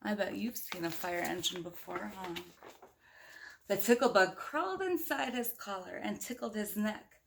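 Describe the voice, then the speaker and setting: A woman's voice: medium pitch, lively intonation, moderate pace, gravelly, a bit bright, a little hiss or hum. A woman reading a children's storybook aloud, playful and chatty, asking the listeners questions along the way. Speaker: storybook reader.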